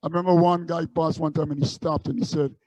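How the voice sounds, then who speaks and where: A man's voice: on the high side, flat delivery, quick pace, a little mellow, dry recording, poor audio. A man from Guyana, a street musician recalling his busking days in a loose, rambling way. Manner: rambling anecdotes with many restarts. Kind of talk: casual storytelling interview.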